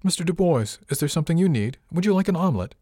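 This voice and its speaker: Male reader doing a prim, formal woman cook, gentle and earnest, dry close sound. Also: a little high, lively intonation, quick pace, no room sound, pitched above the performer's own voice. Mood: politely sweet. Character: polite, earnest female ship's cook, proper and gentle.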